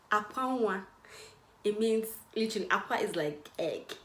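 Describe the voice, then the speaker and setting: A young woman teaching Igbo words in a casual, playful way, laughing often and repeating words slowly. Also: mid-range voice, roomy sound, slight background noise. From Nigeria, Igbo. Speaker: language teacher. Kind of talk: casual language lesson.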